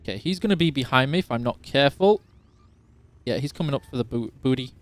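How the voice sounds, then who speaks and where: A man's voice: mid-range voice, animated, fast talker, dry recording. A man from Yorkshire hosting a live game stream, chatting casually and teasing while reading out chat questions. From Yorkshire, England.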